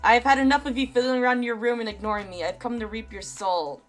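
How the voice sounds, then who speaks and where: A woman's voice: a little high, steady tone, quick pace, natural voice. A woman reading aloud the lines of a haughty male Grim Reaper in a game, in stiff, formal diction. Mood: imperious. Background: faint game music.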